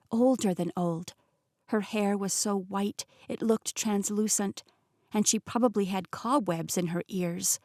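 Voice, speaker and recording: A woman narrating a fantasy audiobook in the first person, with clear and steady storytelling. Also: mid-range voice, no echo, clean studio sound.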